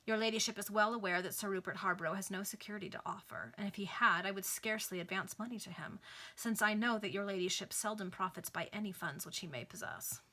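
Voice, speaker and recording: A woman voicing a smooth, calculating male moneylender in a Victorian novel read aloud, measured and insinuating. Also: mid-range voice, sharp tone.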